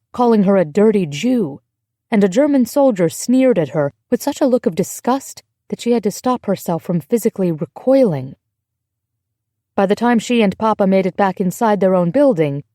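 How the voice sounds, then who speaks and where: Woman audiobook narrator, mellow, dry studio sound, measured delivery. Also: medium pitch, dry recording. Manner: measured, emotive storytelling. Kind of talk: scripted narration.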